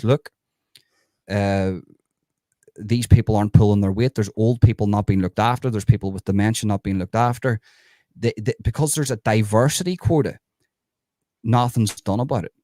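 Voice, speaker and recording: A man's voice: lowish voice, darkish tone, no room sound, clean studio sound. A man hosting a live stream, talking bluntly and swearing, with many restarts. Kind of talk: casual live stream chat.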